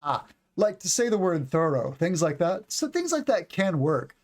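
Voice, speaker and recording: With big pitch swings and a high voice at normal speed, a forties-aged English teacher rambles chattily through a livestream lesson. He elongates words to illustrate stress and intonation.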